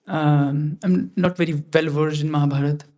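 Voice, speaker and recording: A man leading a scripture class, chanting Sanskrit verses slowly and then explaining them casually with many fillers. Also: fairly high pitch, steady tone, a little mellow. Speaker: class speaker.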